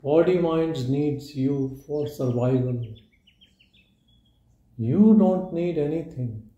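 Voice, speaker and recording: A man leads a meditative spiritual talk in short, measured declarations, leaving long silences between them. His voice is deep and mellow, and he speaks very slowly. A roomy echo surrounds him at a live gathering. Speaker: spiritual teacher.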